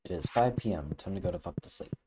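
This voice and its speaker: A man's voice: sits low, quick pace, very noisy. A man casually talking to himself while streaming a farming game. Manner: relaxed, muttering to himself. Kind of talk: casual gameplay commentary. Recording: loud game music behind. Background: game music.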